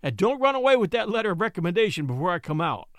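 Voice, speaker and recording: Storybook shop girl, 30s woman, blunt and slangy, voiced by a man, lifted pitch, dry close read. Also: sing-song, fast, no room sound. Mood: bossy. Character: sharp-tongued 30-year-old woman shop girl.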